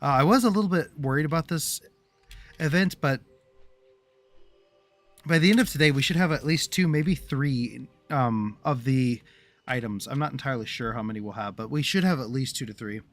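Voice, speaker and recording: A man chatting casually over his gameplay in a middle-pitched voice. He rambles and restarts his thoughts often, talking straight to his viewers. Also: moderate pace, dry recording, faint music behind. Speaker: livestreamer.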